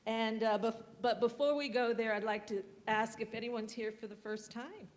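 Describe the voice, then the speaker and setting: A woman's voice: fairly high pitch, fairly even intonation, normal speed. A woman leading a church service, effusive and encouraging as she thanks the minister and welcomes newcomers. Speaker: service leader. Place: church sanctuary.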